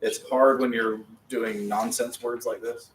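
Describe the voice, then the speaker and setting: A man teaching a Hebrew class, spelling words out slowly and laughing at his own slips. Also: medium pitch, flat delivery, far from the mic. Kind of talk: patient classroom instruction. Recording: echoey room with faint noise.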